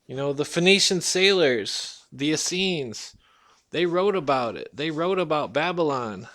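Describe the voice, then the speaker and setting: A man in a loose, unscripted rant, blunt and heated, with swearing in almost every sentence. His voice sits a little higher than most men's. He talks straight at the listener as a vlogger would. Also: animated, measured pace, fairly bright tone. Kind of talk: casual rant monologue.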